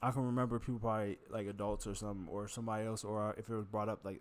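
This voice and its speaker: A man's voice: on the low side, racing, few pauses. A man vlogging while he eats, rambling casually, cursing and poking fun at himself. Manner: self-mocking, profane, chatty.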